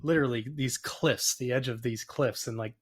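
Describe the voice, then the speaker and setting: Male guest, animated rambling storyteller, average pitch, heard over a video call. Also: normal speed, breathy edge. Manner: animated, rambling, acts out quoted voices. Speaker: photographer and podcast guest. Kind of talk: casual storytelling interview.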